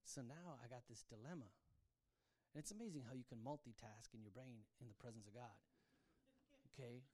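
A man preaching a sermon, telling his own story, his voice swinging from hushed to loud. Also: mid-range voice, a little fast. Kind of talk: sermon testimony.

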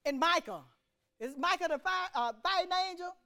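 A woman with a high voice preaches to a church congregation. Her pitch leaps and falls freely as she moves between loud declarations and hushed asides. She calls out to the room and draws answers back. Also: lively intonation, moderate pace. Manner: call-and-response preaching, swings from loud to hushed. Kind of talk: sermon.

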